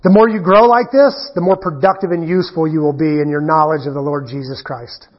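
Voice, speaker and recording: A man preaching a sermon in a conversational, animated way, full of rhetorical questions. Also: a little high, brisk, dull audio. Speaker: pastor.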